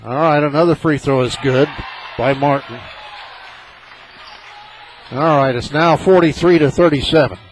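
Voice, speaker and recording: A man calls a high school basketball game for a small local radio station, rooting openly for his team. His voice sits a little high and leaps up when the action heats up. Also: a little slow, long pauses, low-quality recording. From southern Illinois. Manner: partisan, excitable, rises sharply on big plays. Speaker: play-by-play announcer.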